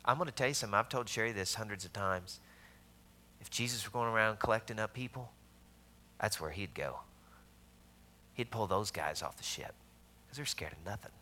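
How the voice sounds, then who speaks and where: A man with a Southern US accent preaching a sermon, telling stories with loud emphasis and hushed asides. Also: on the low side, fairly quick, long pauses. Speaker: pastor.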